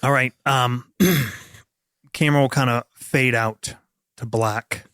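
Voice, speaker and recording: A man's voice: medium pitch, steady tone, slow pace, a bit bright, smooth, no echo, clean studio sound. A man narrating as game master of a tabletop role-playing game, setting scenes in an easygoing way.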